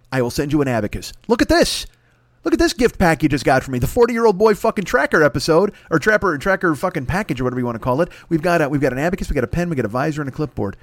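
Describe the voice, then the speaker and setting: Dude rattling off profane rants super fast, bit high voice, dry close mic. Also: male voice, no echo. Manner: rambling, crude, riffing tangents. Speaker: podcast host. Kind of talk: profane comedic monologue.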